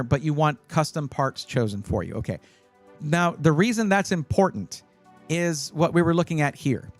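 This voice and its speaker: Lively, animated male stream host. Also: on the high side, normal speed, soft background music. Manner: chatty and animated, many fillers, bursts of excitement. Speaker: livestream host giving PC buying advice. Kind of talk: casual live-stream chat.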